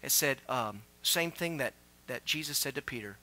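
A man preaching a sermon as pastor, asking the congregation questions and building to loud exclamations. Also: mid-range voice, lively intonation, moderate pace. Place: church sanctuary.

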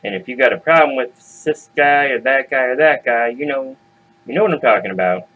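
A man's voice: mid-range voice, a little fast, fairly bright tone, poor audio. Male comic storyteller, laid-back and slangy, chats with the audience.

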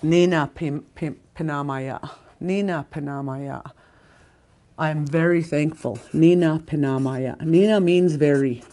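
A woman teaching a language class in a casual, chatty way, repeating words slowly with plenty of fillers. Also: low-pitched, warm tone.

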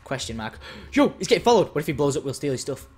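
A man's voice: on the high side, sing-song, racing, a little mellow, husky. A man giving casual commentary while playing a game, joking around and slipping into mock gangster talk. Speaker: gaming YouTuber.

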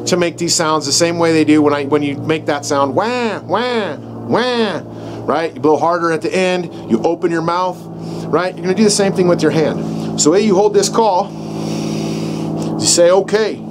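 Outdoors in the countryside with dogs barking nearby, a middle-aged man teaches how to use a game call in a casual, folksy manner, frequently checking in with "right?". His voice is fairly high with fairly even intonation at a moderate pace, and faint outdoor noise sits in the background.

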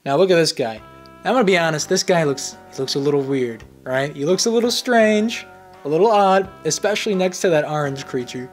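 A man's voice: a little high, expressive, a little fast, soft background music. A young man hosting his channel, giving rambling, playful commentary on images, repeating words for fun. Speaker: channel host.

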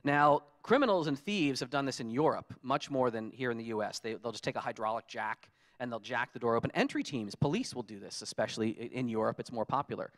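A man giving a conference talk, telling lively stories and acting out his own frustrated quotes. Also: mid-range voice, quick pace. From United States. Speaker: conference speaker. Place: conference hall.

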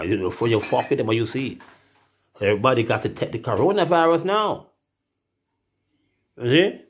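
A Jamaican man in a rambling, profane casual monologue, breaking into laughing asides. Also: fairly low pitch. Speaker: musician.

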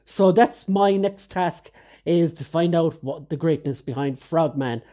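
A man's voice: fairly high pitch, unhurried, dark tone. A man reviewing action figures in a casual top-ten countdown, chatty and enthusiastic, often correcting himself mid-sentence. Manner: chatty, enthusiastic collector with frequent self-corrections.

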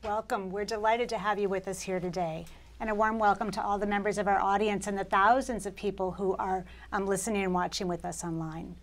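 A woman, a university dean, welcoming a guest and asking a polished opening question. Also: medium pitch. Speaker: interviewer, dean. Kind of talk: formal interview.

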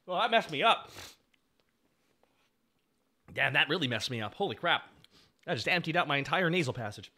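A man's voice: medium pitch, sharp tone. A man in his thirties doing casual stream commentary on his old series, rambling and swearing freely.

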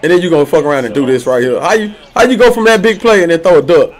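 A man streaming a football video game, trash-talking his opponent loudly with slang, swearing and laughter. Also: fairly high pitch, racing. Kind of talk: trash-talking gameplay commentary.

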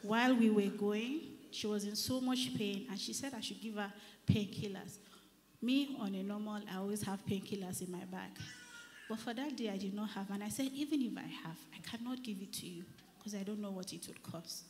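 A woman's voice: mid-range voice, normal speed. Nigerian woman testifying in an echoing hall. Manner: earnest, often dropping to a near whisper then rising loud. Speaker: church member giving testimony. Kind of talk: church testimony. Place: church service. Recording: reverberant church hall, faint noise.

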